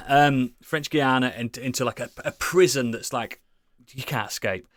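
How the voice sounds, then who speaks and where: A man chatting casually as a podcast co-host, rambling and enthusiastic, swearing often and filling pauses with ums and likes. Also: medium pitch, a bit bright, no room sound, studio quality. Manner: rambling, enthusiastic, swears a lot, many fillers. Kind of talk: casual chat.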